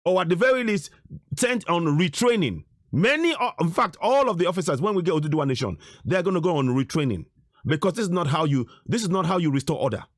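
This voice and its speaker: Middle-aged male activist, insistent and repetitive, pitched-up and very expressive. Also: fast, no room sound, clean studio sound. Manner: insistent, repeats "you see?", indignant. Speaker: activist commentator. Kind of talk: commentary over video footage.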